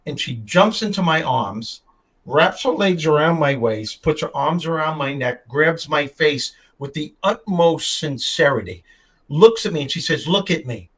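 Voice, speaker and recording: A man's voice: on the high side, expressive, measured pace, a bit bright, husky, low-quality recording. An older man hosting a show, telling stories in an emphatic, heartfelt way. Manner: storytelling, emphatic. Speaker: host. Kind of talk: casual chat.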